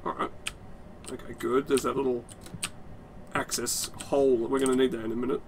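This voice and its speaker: A man's voice: mid-range voice, a little fast, pauses often, a little hiss or hum. Sweary, laughing man playing a game. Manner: rambling, sweary, laughs often. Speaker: game streamer. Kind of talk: casual let's-play commentary.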